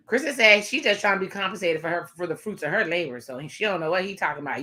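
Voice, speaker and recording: Sassy, bright-voiced woman reacting. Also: lowish voice, animated, fast talker. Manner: chatty, sassy asides to viewers, frequent laughs. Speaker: reaction video host. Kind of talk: casual reaction commentary.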